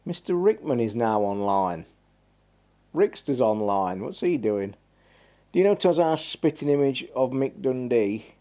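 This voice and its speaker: A man's voice: medium pitch, sing-song, unhurried, mellow. A man hosting a gaming live stream, chatting in a rambling, blunt and sweary way. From England. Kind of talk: casual live-stream chat.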